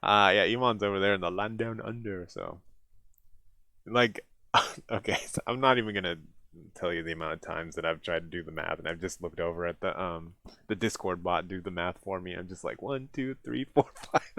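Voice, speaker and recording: Man, deep voice, American, live streamer, late-night casual chat, rambling, laughs a lot, tired. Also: fairly even intonation, a little fast, bright, forceful tone, no echo. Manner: rambling, laughs often, self-deprecating.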